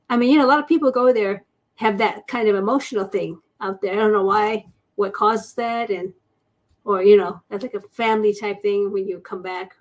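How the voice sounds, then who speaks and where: Talkative woman guest, paranormal investigator, mid-pitched voice, voices quoted people as she tells stories. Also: steady tone, moderate pace. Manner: chatty, acts out quoted voices, laughs often. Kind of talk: casual storytelling interview.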